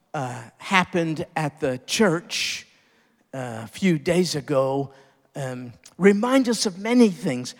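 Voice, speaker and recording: High, lively preaching man in a reverberant hall. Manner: preaching with swelling emphasis, dropping low and soft on key words. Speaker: pastor. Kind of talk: sermon. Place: church sanctuary. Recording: long reverb of a church hall.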